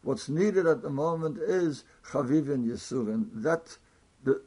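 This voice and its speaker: Rasping male Torah teacher, halting, repeats himself while reasoning aloud. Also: fairly high pitch, lively intonation, warm tone. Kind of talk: Talmud lesson.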